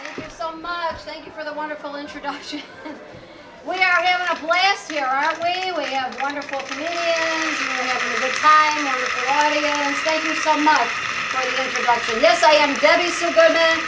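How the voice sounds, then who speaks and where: A woman's voice: sits high, fairly even intonation, moderate pace, a loud crowd, heavy background noise. A woman from Chicago performing a chatty stand-up set, telling dating stories and acting out punchlines on a lounge stage, recorded in an echoey room from a distance. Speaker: stand-up comedian. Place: lounge stage with live audience.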